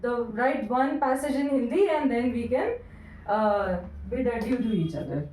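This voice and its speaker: A woman with an Indian English accent teaching English grammar in a recorded lecture, encouraging her students and dictating answers slowly with repeats. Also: fairly high pitch, darkish tone, far from the mic, a little hiss or hum. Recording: roomy echo, voice from away from the mic.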